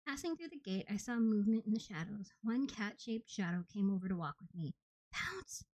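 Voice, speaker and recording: A woman narrating an audiobook in the first person with steady, plain storytelling. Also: mid-range voice, brisk, no room sound, rough recording. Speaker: audiobook reader.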